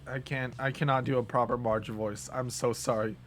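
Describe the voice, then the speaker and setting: A man's voice: mid-range voice, fairly even intonation, normal speed, a little hiss or hum. A man casually commenting on his live gameplay in a playful, jokey way, laughing often. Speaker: game streamer. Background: faint game music.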